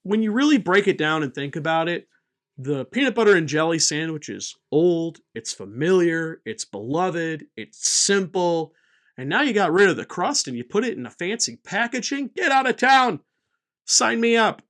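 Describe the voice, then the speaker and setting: A man hosting his own channel, talking in a playful, jokey, animated way as a game designer. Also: fairly high pitch, moderate pace. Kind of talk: comedic casual vlog.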